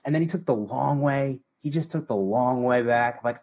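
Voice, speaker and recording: Young man, casual podcast chat, husky voice, halting delivery. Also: medium pitch, darkish tone. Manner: halting, stammering storyteller. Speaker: podcast co-host.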